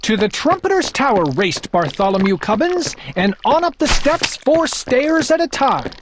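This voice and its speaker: A woman reads a children's storybook aloud with expressive, animated delivery. Her voice sits a little high and swings widely. A clear layer of noise runs underneath. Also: normal speed. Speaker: narrator. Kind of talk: storybook read-aloud narration.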